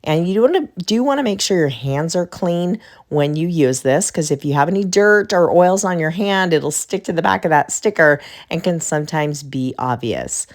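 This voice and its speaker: A middle-aged woman hosts a craft tutorial, thinking out loud and casually explaining each choice as she works. Her low, chatty voice is still a little off as she recovers from a recent illness. She speaks at normal speed with lively intonation and hardly any pauses.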